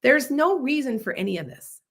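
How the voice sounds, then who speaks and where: A woman, hosting a podcast livestream and chatting casually as a loud, boisterous storyteller. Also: sits high, sing-song, normal speed, creaky, slightly rough. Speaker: podcast host.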